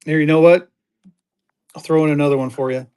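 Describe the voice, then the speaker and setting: Man from Colorado, high voice, selling live on stream with quick, excited auction patter. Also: smooth. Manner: upbeat, rapid-fire adding items, gets excited.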